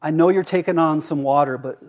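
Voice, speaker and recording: A pastor delivers a sermon in a loose, conversational manner, peppering his points with quick rhetorical checks. His voice sits high for a man, and he sinks to a near hush when he wants a line to land. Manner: conversational preaching, frequent rhetorical "right?"; expressive, drops to a hush for emphasis.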